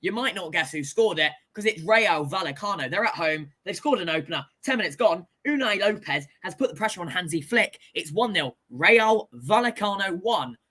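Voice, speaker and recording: A male host giving a casual live chat about football scores, excitable and jokey, shouting when goals go in. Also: high voice, normal speed, few pauses.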